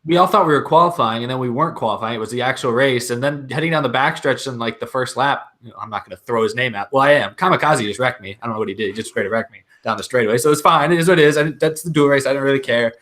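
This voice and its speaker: A man on a casual podcast, telling race stories, animated and breaking into loud yelps. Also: mid-range voice, rapid-fire, few pauses. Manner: animated storyteller, yelps "whoa" loudly. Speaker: podcast co-host. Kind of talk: casual chat about sim racing.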